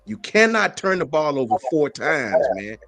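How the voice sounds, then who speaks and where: A man hosting a casual sports talk stream, greeting viewers in slang and talking in animated bursts. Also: a little high, normal speed, vocal fry, dry recording. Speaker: sports talk show host.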